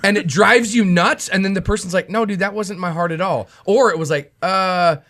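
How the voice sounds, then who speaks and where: A man with a fairly high voice discussing scripture on a podcast. He talks in an animated, joking way and often restarts his sentences. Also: normal speed.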